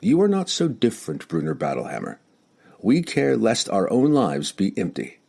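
A man voicing a calm, earnest male dark elf ranger in an audiobook, measured and soft-spoken. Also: fairly low pitch, gravelly, breathy edge, full character voice.

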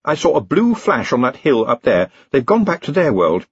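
An eager young wizard scholar, precise and earnest, as a man voices him. His voice is husky and pitched up, and the storybook recording sounds dry and muffled. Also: big pitch swings, normal speed, dry recording.

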